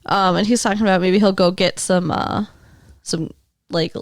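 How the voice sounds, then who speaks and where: A woman's voice: fairly low pitch, steady tone, moderate pace, no echo, studio quality. A young adult woman co-hosting a podcast, chatting casually about a film, saying "like" a lot and laughing often. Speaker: podcast co-host. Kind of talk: casual chat recapping a film.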